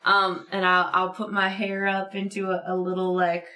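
A woman's voice: mid-range voice, completely flat delivery, normal speed, sharp tone. A playful, joking woman playing in a casual tabletop game. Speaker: player.

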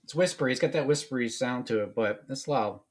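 A man's voice: medium pitch, fast. Easygoing guy cohosting a podcast, mid voice, jokey and agreeable. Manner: relaxed, agreeable, joking. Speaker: podcast co-host. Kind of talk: casual chat.

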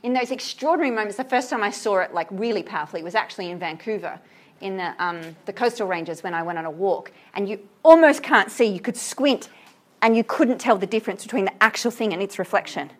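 A woman teaching a class about a poem, reading verse aloud slowly and asking her students questions with enthusiasm. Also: mid-range voice. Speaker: literature teacher.

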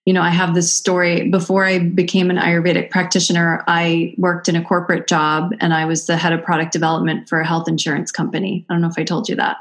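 Low-voiced woman telling a story. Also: fast, hardly any pauses. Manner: animated, acts out quoted voices. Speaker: guest, Ayurvedic practitioner. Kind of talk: casual conversational storytelling.

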